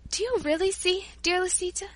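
A woman voicing Paula, a gentle, devout, cheerful young girl who talks in an earnest, sweet way. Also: very high voice, fairly quick, pitched above the performer's own voice.

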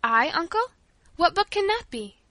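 A woman voicing a gentle, devout orphan girl with soft, heartfelt speech in a storybook. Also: high voice, lively intonation, fairly quick, no echo. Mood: joyful.

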